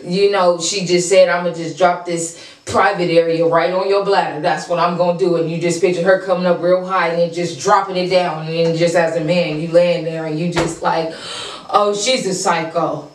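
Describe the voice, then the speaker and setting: A woman hosting a casual reaction show, gushing and excitable, repeating herself as she praises the freestyles. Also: on the low side, moderate pace, echoey room, distant mic, poor audio.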